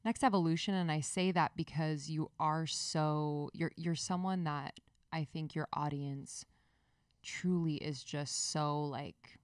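A woman's voice: low-pitched, steady tone, takes it slowly, clean tone, no room sound, clean studio sound. A woman co-hosting a podcast, asking a guest a long, effusive, rambling question. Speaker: podcast co-host. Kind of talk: interview questions.

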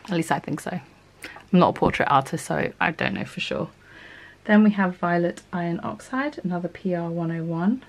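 Low, gravelly-voiced woman art vlogger. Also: normal speed, darkish tone. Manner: chatty, thinking aloud, self-correcting. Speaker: art channel host. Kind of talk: casual talk while swatching paints.

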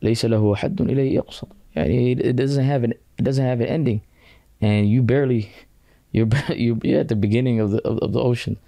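A man's voice: mid-range voice, fairly even intonation, quick pace, vocal fry, mellow, no echo. A man speaking as a guest scholar on a podcast, talking bluntly in casual slang and dropping in Arabic quotes. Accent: British.

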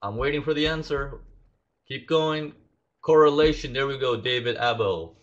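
A man's voice: mid-range voice, normal speed, dull audio. A man teaching a live trading lesson, asking his audience questions and acting out traders' inner thoughts. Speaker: trading instructor.

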